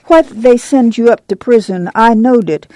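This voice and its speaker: A woman's voice: a little high, normal speed, dark tone, no echo, pitched above the performer's own voice, natural voice. A woman reading the part of a weary but steadfast rural farm mother, homespun and firm. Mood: earnest. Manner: homespun, plain-spoken, firm. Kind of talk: dramatic audiobook reading.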